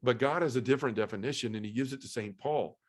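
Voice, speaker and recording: A man's voice: mid-range voice, fast. A middle-aged man giving an earnest, heartfelt personal testimony as a podcast guest, restarting his sentences as he goes.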